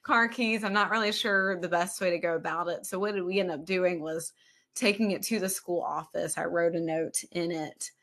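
A woman hosting a faith podcast, sharing a story in a reflective, soft way, often searching for words. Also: lowish voice, steady tone, normal speed. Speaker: podcast host. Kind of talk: casual faith podcast chat.

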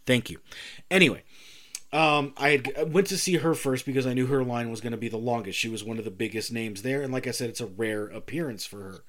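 Speaking briskly at medium pitch, this man co-hosts a podcast and spins a story in relaxed conversation. He's an animated storyteller who performs the characters' back-and-forth lines.

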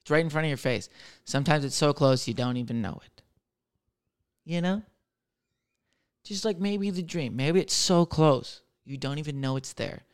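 Smooth-voiced, swearing comedian in his thirties. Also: a little high, normal speed, long pauses. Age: 30s. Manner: profane, jokey, rambling, jumping between loud and mumbled. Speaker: comedian podcast host. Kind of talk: casual rambling monologue.

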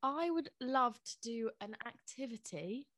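A woman's voice: a little high, expressive, measured pace, a bit bright, no echo. Young woman rambling, lots of likes, dry close sound. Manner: rambling, hesitant, many fillers. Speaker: podcast co-host. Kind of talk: casual chat.

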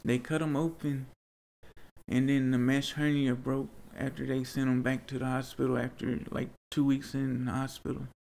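A man's voice: medium pitch, flat delivery, moderate pace, creaky, a little mellow, a little hiss or hum. A man being interviewed, telling personal stories in an earnest, rambling way that turns to pleading.

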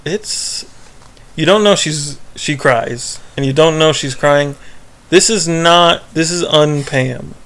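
Male podcast co-host, casual recap chat, rambling, slightly higher pitch, acts out quotes. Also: slow pace, fairly bright tone.

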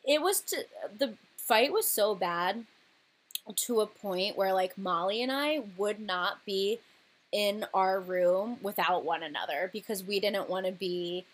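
A woman's voice: mid-range voice, expressive, measured pace. Chatty young woman, laughing often. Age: young adult. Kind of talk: casual chat.

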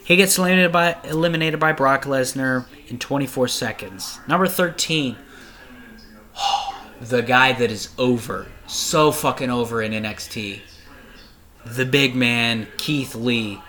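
A young man hosting a solo podcast, reviewing in a casual, rambling way, excitable and full of swearing. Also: medium pitch, a little slow. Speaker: podcast host.

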